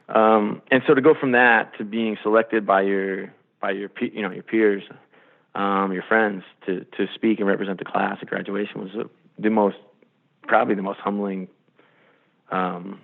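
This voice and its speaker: A man, a sports executive, telling animated stories in a podcast interview and acting out the quotes. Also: on the low side, normal speed, gravelly. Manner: animated storyteller, acts out quotes. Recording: phone-line quality.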